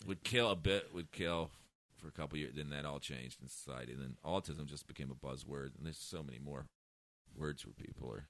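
A man's voice: very deep voice, fairly quick, fairly bright tone. A man who is a stand-up comedian, telling blunt, profane stories in casual chat. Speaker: comedian guest.

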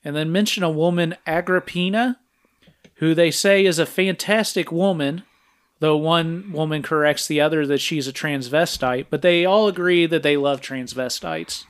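A man's voice: fairly high pitch, moderate pace, clear, resonant tone. A man co-hosting a podcast, walking through a movie's plot in a casual, step-by-step recap with frequent filler sounds. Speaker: podcast co-host.

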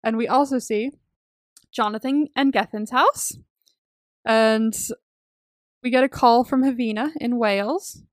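A woman's voice: fairly high pitch, fairly even intonation, measured pace, pauses often, no room sound, clean studio sound. A young woman co-hosting a casual movie recap podcast, chatty and full of fillers, laughing often. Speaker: podcast co-host.

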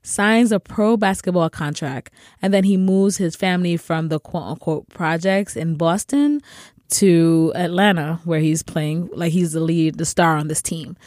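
Woman co-host; lowish, dry-sounding, gushing and rambling. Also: measured pace, darkish tone, no echo. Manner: enthusiastic, rambling, many "like"s and laughs. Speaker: podcast regular, co-host. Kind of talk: casual chat.

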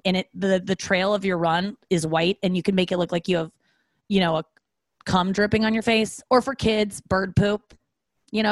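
A woman's voice: on the low side, no echo. A woman hosting a podcast, talking in a candid, profane, rambling monologue. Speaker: podcast host.

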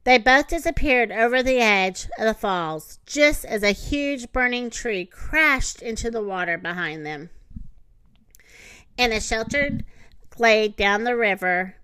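A woman reading a children's storybook aloud, gentle and expressive. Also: on the high side, measured pace, clean tone, no room sound. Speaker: narrator.

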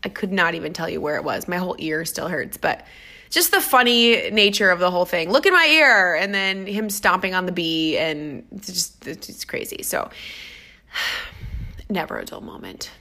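A woman's voice: on the low side, moderate pace. A woman fitness trainer telling stories about her clients in a casual, enthusiastic vlog. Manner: upbeat, enthusiastic, animated storytelling.

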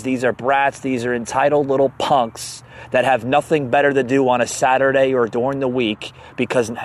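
A man hosting a podcast, ranting in an agitated, sarcastic way and stammering over repeated words. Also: medium pitch. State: heated up. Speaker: podcast host. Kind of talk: heated political rant.

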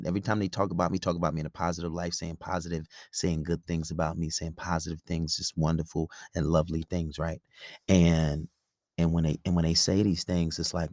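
A man's voice: low voice, a little mellow, no echo, studio quality. A man hosting a podcast, giving relationship advice in a blunt, profane, rambling casual monologue.

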